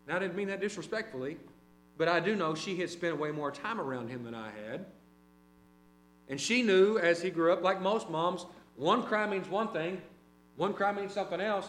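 A middle-aged man preaching a conversational sermon, telling personal stories and dropping to quiet asides. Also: sits high. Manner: conversational, anecdotal, varies loudness widely. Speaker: preacher and teacher. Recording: roomy hall with mains hum.

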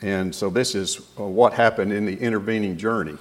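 A man preaching, retelling a scripture story in a folksy, animated way. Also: fairly low pitch, fairly quick, hardly any pauses. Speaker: pastor.

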